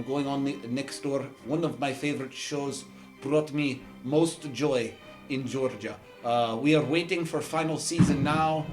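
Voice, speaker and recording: A man putting on a boastful, melancholy glassblower from Georgia, talking in broken English and rambling earnestly. His voice sits a little high, with faint music playing under it. Now and then he bursts into a loud shout. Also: lightly acted.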